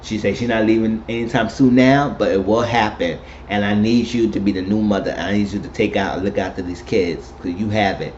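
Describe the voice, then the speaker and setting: A man giving a casual, animated spoken recap of a TV episode, retelling scenes and quoting the characters. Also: lowish voice, brisk, few pauses. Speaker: TV recap host. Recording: dull lo-fi recording with faint noise.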